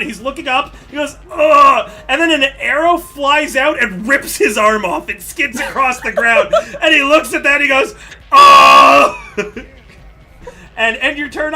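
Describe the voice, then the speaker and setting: Bright, lively game master man. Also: very high voice. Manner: animated, laughs often between rules explanations. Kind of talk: running a tabletop game on a live stream.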